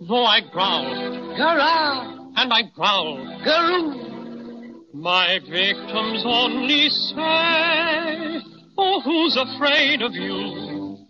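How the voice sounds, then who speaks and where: A woman voicing a tiny, playful, mock-ferocious male teddy bear with an Irish accent in a 1930s radio drama, speaking in jaunty rhymes and polite old-fashioned phrases. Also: fairly high pitch. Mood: sing-song. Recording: dull old radio transcription.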